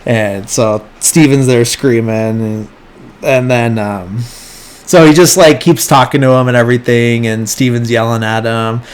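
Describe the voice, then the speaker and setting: On his podcast, a man slowly and unhurriedly goes over a film's plot in a casual, rambling recap, dropping in quick imitations of the characters. His voice is a clean, steady, ordinary middle pitch.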